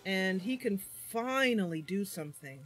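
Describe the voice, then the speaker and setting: A woman's voice: medium pitch, animated, normal speed, a bit bright, soft background music. A woman streaming a video game, thinking aloud over her moves and breaking into sudden cries when things go wrong. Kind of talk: livestream game commentary.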